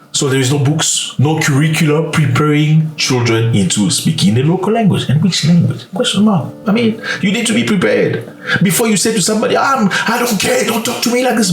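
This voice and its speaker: A man chatting in a casual commentary, his pitch rising and falling with feeling and sometimes sinking to a hushed aside. He sounds a little distant from the microphone, with a roomy echo around him. Faint music plays underneath. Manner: animated, expressive, drops to hushed asides. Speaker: commentary channel host.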